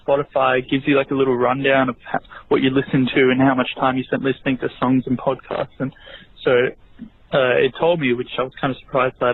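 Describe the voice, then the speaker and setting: A man from Australia leaving a friendly, halting voicemail full of fillers for a podcast. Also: mid-range voice, dry recording. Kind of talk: casual voicemail message. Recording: tinny phone line.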